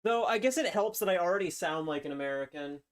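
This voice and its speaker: A man's voice: high-pitched, lively intonation, fast, clean tone. A man from Canada chatting casually on a live stream, rambling and joking about himself. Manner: rambling, self-deprecating and joking. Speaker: livestreamer.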